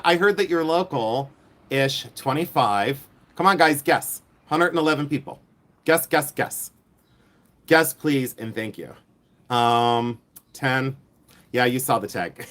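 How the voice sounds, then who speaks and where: A man from Ohio hosting a live reseller stream, showing his finds and chatting with viewers in an excitable, repetitive, teasing way. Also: mid-range voice. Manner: excitable, chatty, repeats himself, teases viewers. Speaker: reseller livestream host. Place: outdoors in the heat.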